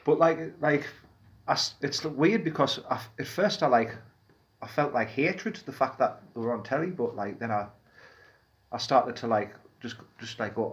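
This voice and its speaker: A man's voice: medium pitch, moderate pace. A man from Peterlee with a North East English accent, co-hosting a podcast in casual, rambling, jokey banter. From Peterlee, England. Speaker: podcast co-host.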